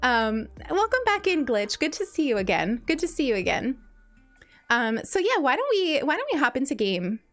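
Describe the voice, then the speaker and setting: A young woman from New York with a light New York accent, chatting casually with her stream audience while she plays, bubbly and quick to laugh. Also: high voice, sing-song, fairly bright tone, faint music behind. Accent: New York, softened. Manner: bubbly, chatty, laughs often, restarts words. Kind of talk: casual chat while gaming.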